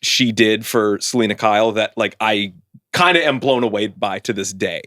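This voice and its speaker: A man's voice: lowish voice, normal speed, pushed and bright. A man co-hosting a casual podcast chat, easygoing and agreeable. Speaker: podcast co-host.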